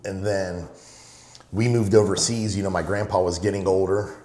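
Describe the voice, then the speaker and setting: A man's voice: low-pitched, steady tone, normal speed, a little mellow, roomy sound. A middle-aged man from Los Angeles, telling stories in a casual, rambling way and often saying "you know". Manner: rambling, fills with "you know", retells his father's sayings. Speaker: guest. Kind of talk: casual storytelling.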